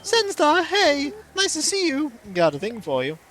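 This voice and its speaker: Peppy game villager, high and excitable , voiced by a streamer, bouncy swoops. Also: a little slow, faint music behind, exaggerated voice, rough recording.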